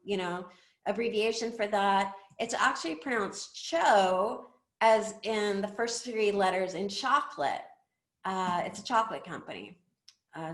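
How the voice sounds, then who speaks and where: A middle-aged woman giving a chatty webinar presentation, quizzing the audience with questions as she goes. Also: mid-range voice. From United States. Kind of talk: presentation talk. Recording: echoey room.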